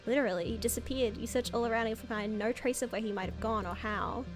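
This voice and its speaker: A woman streamer reading a story game aloud, excitable, with squeals and dramatic reactions. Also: fairly high pitch, quick pace, over music.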